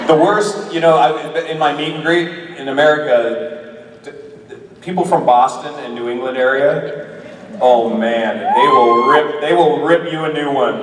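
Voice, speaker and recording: A man on a convention panel, an actor talking about his work in casual, animated, rambling chat full of restarts. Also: fairly high pitch, unhurried, slight background noise. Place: large convention hall with audience. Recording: echoey hall recorded from far off.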